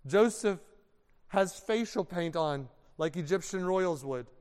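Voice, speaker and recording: A man preaching with a high, smooth, ringing voice, telling a story in a dramatic, animated way peppered with casual slang. The sound rolls through a large hall with long reverb. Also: measured pace. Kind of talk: sermon storytelling.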